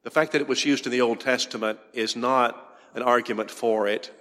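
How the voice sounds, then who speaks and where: Preacher with emphatic rhetorical questions. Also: male voice, medium pitch, fairly even intonation, brisk, fairly bright tone. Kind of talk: sermon. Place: church sanctuary. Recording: long hall reverb.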